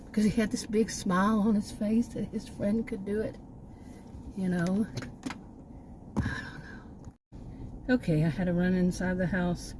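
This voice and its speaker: A woman's voice: medium pitch, little pitch movement, normal speed, pauses often, background noise. An older woman rambling in a casual home vlog, cynical and often out of breath, with many restarts. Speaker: vlogger.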